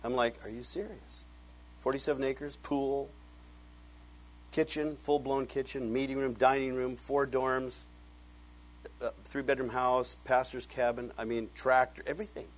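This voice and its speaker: A middle-aged male pastor telling a story in a sermon, animated, acting out conversations and laughing often. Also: medium pitch, unhurried, rough recording.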